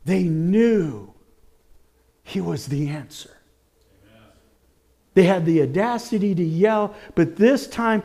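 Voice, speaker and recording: A man preaching a sermon in an animated way, rising to shouts as he acts out the stories he tells. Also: sits high, slow, pauses often. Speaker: pastor.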